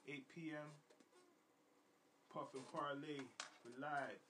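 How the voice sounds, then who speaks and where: A man hosting a podcast in casual chat, with laid-back slang and repeated shout-outs to his listeners. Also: fairly high pitch, steady tone, slow pace, background noise. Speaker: podcast host.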